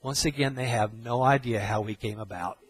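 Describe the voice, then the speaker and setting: A man's voice: mid-range voice, a little fast, breathy edge, dry recording, rough recording. A middle-aged man preaching a sermon, emphatic and repeating phrases for stress.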